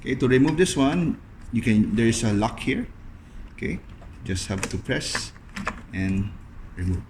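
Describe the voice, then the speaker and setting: A young man talking through a hands-on cleaning demonstration in a loose, casual way, leaning on a steady stream of "okay" between steps. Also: mid-range voice, slight background noise. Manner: loose, fills pauses with frequent "okay". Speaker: video host demonstrating appliance upkeep.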